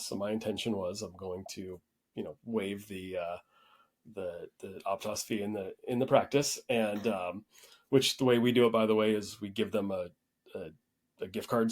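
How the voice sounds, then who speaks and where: A man hosting a podcast, telling a story in a relaxed, rambling way with frequent restarts. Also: lowish voice, breathy edge. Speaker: podcast host. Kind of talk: casual conversational storytelling.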